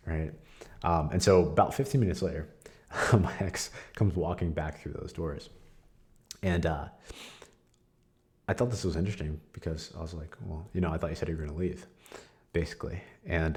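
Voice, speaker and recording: A young man hosting a podcast, sharing a candid personal testimony in a casual, conversational way with frequent fillers and soft laughs. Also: deep voice, moderate pace. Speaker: podcast host.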